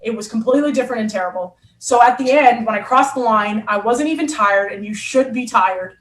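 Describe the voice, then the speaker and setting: A woman, a former hurdler and coach, telling a story in an animated conversational way and acting out what people said. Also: a little high, fairly quick, echoey room. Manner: animated, acts out quotes.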